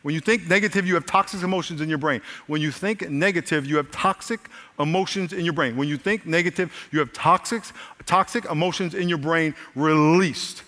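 A man preaching as a pastor, energetic, repeating lines and calling out to his congregation. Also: fairly high pitch, a little fast, big-room sound. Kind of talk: sermon. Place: large church hall.

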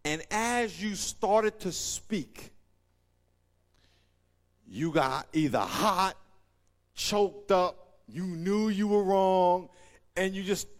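A man preaching a sermon as pastor, animated, acting out scenes in voices and laughing often. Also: sits high, very slow, pauses often. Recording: long reverb of a large hall.

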